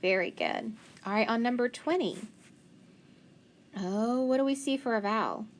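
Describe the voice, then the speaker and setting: A woman with a slightly high voice teaches phonics to young children. She sounds out each word slowly and patiently, breaking it into parts and praising each answer.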